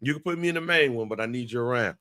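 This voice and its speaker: A man's voice: medium pitch, rapid-fire, sharp tone, dry recording, studio quality. A man, telling a profane, laughing story as a talk-show co-host.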